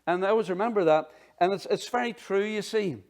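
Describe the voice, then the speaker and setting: Man, pastor, lively conversational sermon, slightly raised voice. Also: sits high, brisk. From Northern Ireland. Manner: animated, conversational preaching with asides.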